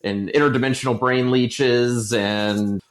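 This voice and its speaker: A man in his thirties, a novelist and musician, chatting in an interview and telling lively stories with frequent laughs. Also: medium pitch, a little slow. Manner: animated storyteller, laughs often. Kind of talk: casual conversational interview.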